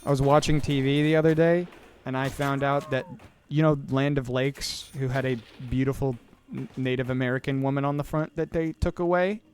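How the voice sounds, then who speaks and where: Soft music plays behind a twenty-something podcast host who speaks at a normal speed with medium pitch and fairly even intonation. He rambles casually and sarcastically as he plays a video game, running himself down along the way.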